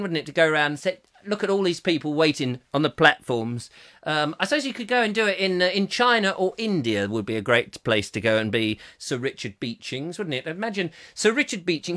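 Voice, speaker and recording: A man's voice: sits high, bright, forceful tone. A man hosting a live comic chat show, rambling and jokey and often breaking off mid-sentence. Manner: rambling, jokey, self-interrupting. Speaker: host.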